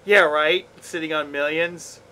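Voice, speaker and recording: A man's voice: fairly high pitch, fairly even intonation, measured pace, pushed and bright, slight background noise, rough recording. A man streaming a game, chatting casually with viewers in a laid-back, playful way and swearing often. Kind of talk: casual chat with chat while gaming.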